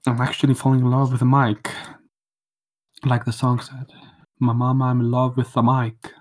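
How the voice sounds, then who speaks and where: A man's voice: mid-range voice, flat delivery, moderate pace. A man hosting a podcast, talking in a playful, mock-romantic and theatrical way. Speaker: podcast co-host. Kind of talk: joking podcast monologue. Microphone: studio microphone.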